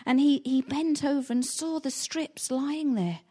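A woman's voice: high voice, unhurried, mellow. A woman preaching a sermon, retelling a Bible story in a storytelling way and acting out the quoted lines with rising intensity.

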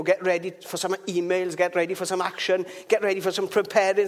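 Casting note: man, higher voice, relaxed devotional speaker who rambles through asides. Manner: chatty and rambling, with restarts and asides. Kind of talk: informal devotional talk.

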